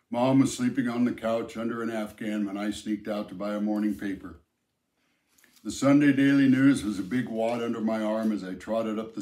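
A man reading a novel aloud in the first person, with a measured, plain delivery. His voice sits on the low side, and the recording has a noticeable room echo. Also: a little mellow. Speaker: audiobook narrator. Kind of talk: first-person audiobook narration. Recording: roomy echo.

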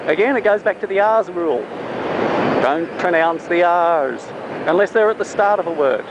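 An Australian man giving a casual, jokey pronunciation lesson from a car, self-mocking and stretching out example words. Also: sits high. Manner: chatty, self-mocking, drawn-out demonstration words. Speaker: vlogger teaching Australian pronunciation. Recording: muffled with loud traffic noise.

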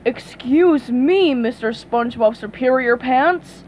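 A woman voicing a slow, simple male cartoon starfish in a storybook reading, plodding and earnest. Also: sits high, a little mellow, a little hiss or hum, poor audio. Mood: indignant.

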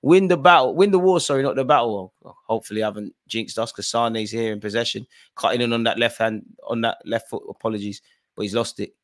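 A man hosting a live football watch-along. He bursts into loud shouts at the players and the referee, then drops to quiet, muttered asides. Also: quick pace. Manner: excitable, shouts encouragement and complaints at players and referee; drops to low muttered asides between outbursts. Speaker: fan channel host.

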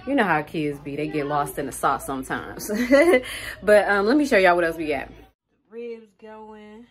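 A woman vlogs casually from a busy family holiday cookout, filming on her phone and chatting to her viewers, whom she keeps calling out to. Her voice is fairly low with big pitch swings and a moderate pace, and crowd chatter fills the background.

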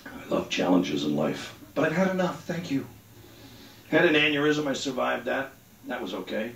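A man's voice: medium pitch, very animated, slow, vocal fry, pauses often. A man doing a rambling, crude stand-up set on a comedy club stage. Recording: roomy club sound, mic at a distance.

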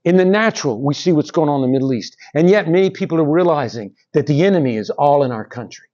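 A middle-aged male preacher delivers a sermon in an animated way, climbing high and dropping low in pitch and calling out to the congregation. His voice sits a little high for a man. The sound is dull and lo-fi, as from a church recording. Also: fast talker. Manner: animated preaching, rises and drops in pitch, asks the congregation "Amen?". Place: church sanctuary.

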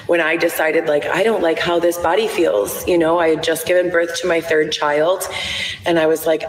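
A woman in her thirties talks on a live stream from her phone, her voice low-pitched and steady at normal speed with a little hiss or hum. She rambles with lots of "like" and "um," and the playback sounds echoey and roomy.

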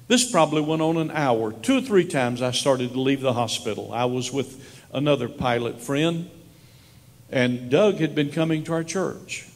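A man preaching a sermon as a pastor, telling stories and moving from hushed, slow lines to raised ones. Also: mid-range voice, long reverb tail. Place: church sanctuary.

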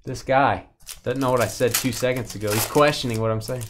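A man hosting a live sports card break, teasing his co-host and loudly calling out the cards he pulls. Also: medium pitch, fairly even intonation, fairly quick, slight background noise. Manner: jokey, teasing, loud when calling out big pulls.

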